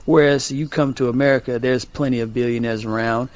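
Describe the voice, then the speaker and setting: A man's voice: mid-range voice, steady tone, a little fast. A man co-hosting a talk radio show, arguing his point and repeating himself to break in. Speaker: radio co-host. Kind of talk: casual talk radio debate.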